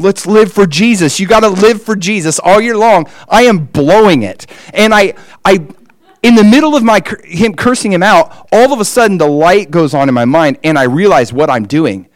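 A man's voice: sits high, expressive, moderate pace, no room sound. A man preaching a personal testimony as a story, with emphatic rises in his delivery.

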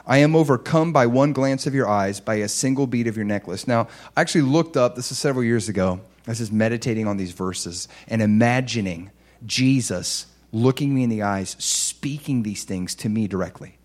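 A young man preaching with heartfelt earnestness. His delivery moves between hushed, tender lines and bright, excited bursts, and his voice sits at an ordinary middle pitch for a man. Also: a little fast. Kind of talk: sermon.

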